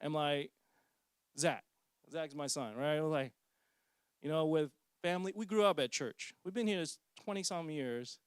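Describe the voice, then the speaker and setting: A man's voice: fairly high pitch, a little slow, clear, resonant tone, dry recording, studio quality. A man in his forties giving a casual personal testimony as a parent, joking and poking fun at himself. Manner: casual, joking, self-mocking storyteller.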